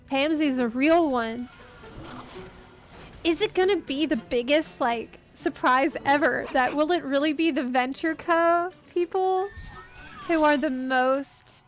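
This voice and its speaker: Sex: woman. Role: streamer. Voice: high, unhurried. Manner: chatty, giggly, reacts out loud. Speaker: game streamer. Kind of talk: casual gameplay commentary.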